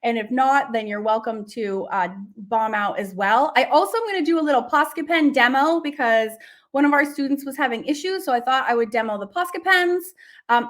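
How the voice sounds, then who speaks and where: A woman's voice: high-pitched, fairly bright tone. A woman art teacher hosting a casual live lesson, bubbly and gushing, chatting with lots of fillers.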